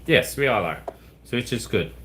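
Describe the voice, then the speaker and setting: A man's voice: mid-range voice, animated, normal speed, noisy background. A male host giving brief reassuring replies.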